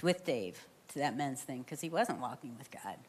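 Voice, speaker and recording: A woman's voice: very deep voice, expressive, moderate pace, husky. Chatty grandmother speaking in a reverberant hall. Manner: earnest and chatty, laughs easily. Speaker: pastor's wife, co-speaker. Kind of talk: conversational sermon.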